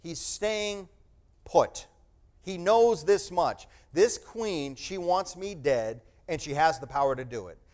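Slow and expressive, with a slightly high voice, a middle-aged man preaches by reading scripture aloud and explaining it. His voice alternates between loud proclamation and quiet hushes.

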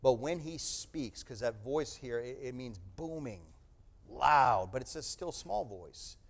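A middle-aged man preaching a sermon, reading scripture aloud and explaining it, sometimes proclaiming loudly and sometimes dropping to a hush. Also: mid-range voice, lively intonation, a little slow, creaky.

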